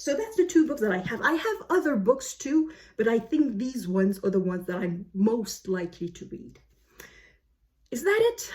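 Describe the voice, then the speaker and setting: A woman from Canada hosting a book video in a casual, chatty way, rambling and correcting herself with frequent fillers and quick asides. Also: on the high side, darkish tone. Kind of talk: casual chatty vlog talk.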